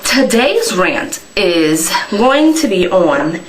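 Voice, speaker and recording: Animated woman ranting. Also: mid-range voice, extremely slow. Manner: sarcastic, swearing, mocking. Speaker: vlogger. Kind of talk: ranting vlog. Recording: distant mic with background noise.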